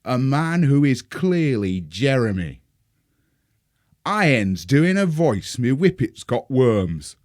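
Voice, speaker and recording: A man's voice: medium pitch, big pitch swings, slow pace, darkish tone. A man playing a posh actor who recites a poem in a put-on northern English accent, in a solemn, mock-earnest way.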